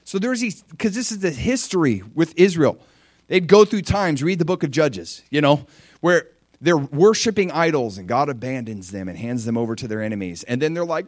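A middle-aged man delivers a sermon in a slightly high voice, recorded close and dry. He is animated, often leaping into excited, shouted character voices as he acts out the story. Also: brisk, no room sound. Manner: animated, acts out excited voices of God with big pitch jumps. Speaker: pastor.

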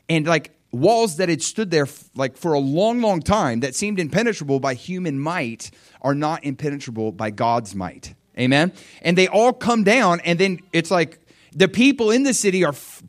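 A man preaching a sermon and recounting a vision, fervent, dropping to quiet asides and rising to loud surges, often restarting his words. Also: fairly high pitch. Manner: restarts and stumbles over words.

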